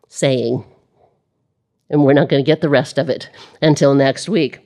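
Low-voiced woman preaching a sermon. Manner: animated, rising when quoting the crowd, dropping low and soft in reflection. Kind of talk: sermon on a scripture passage.

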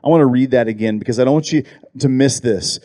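Earnest, warm-voiced preaching man. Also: mid-range voice, no echo, studio quality. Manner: earnest, emphatic, repeats words and slows down for key phrases. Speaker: pastor. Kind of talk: sermon.

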